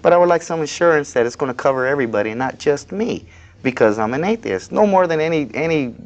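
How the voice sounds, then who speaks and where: This activist, a man appearing as a guest on a studio interview program, talks quickly in a fairly high voice with lively intonation. In relaxed interview chat he plainly and resentfully lays out a dispute from his workplace.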